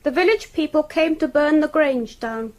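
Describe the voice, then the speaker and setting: Unnerving child for radio drama, voiced by a woman, high-pitched, icy and clipped. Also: moderate pace, close to an everyday voice. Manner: flat, clipped, icily condescending. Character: cold, superior, unnerving child speaking for a group.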